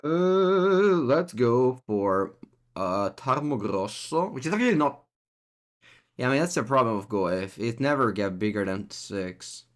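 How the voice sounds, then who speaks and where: A man's voice: fairly low pitch, lively intonation, normal speed. A man with an Italian accent giving live, chatty commentary as he plays, talking to himself and to his chat. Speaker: streamer.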